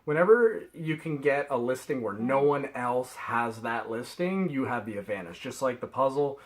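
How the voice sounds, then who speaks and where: A man's voice: mid-range voice, animated, moderate pace, poor audio. A middle-aged man from Canada, rambling chattily through a haul vlog and laughing at himself. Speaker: reseller vlogger.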